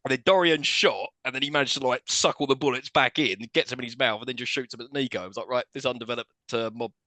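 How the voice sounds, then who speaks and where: A man's voice: mid-range voice, fast, bright, forceful tone, no echo. A man co-hosting a podcast, casually recapping a film with laughs and swearing. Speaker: podcast co-host.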